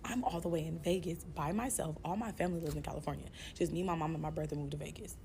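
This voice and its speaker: A young woman telling a storytime story in a casual, profane, animated way. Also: sits low, quick pace, slight background noise.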